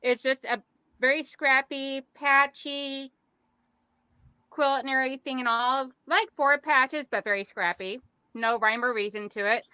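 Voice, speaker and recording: Chatty high bright woman guest. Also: steady tone, a little slow, clean tone, dry recording, dull audio. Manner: chatty, laughs easily. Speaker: guest sewist. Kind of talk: casual livestream chat.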